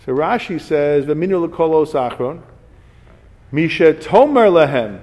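A man's voice: a little high, expressive, slow, a little mellow, big-room sound, muffled recording. A man giving an informal Torah class, reading Hebrew commentaries and explaining them in English with chatty personal stories. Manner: reads Hebrew sources then explains in English; chatty asides and personal anecdotes. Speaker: Torah teacher.

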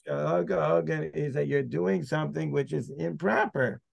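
A man's voice: fairly high pitch, moderate pace, creaky. A man teaching and debating a Talmud passage, emphatic and restating his points. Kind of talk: Talmud study discussion.

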